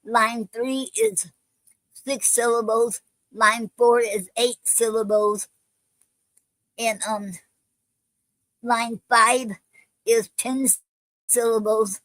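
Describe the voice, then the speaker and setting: A woman's voice: on the high side, steady tone, drawn-out words, long pauses, a bit bright, no echo, rough recording. A woman hosting a casual live stream, talking with many ums and restarts.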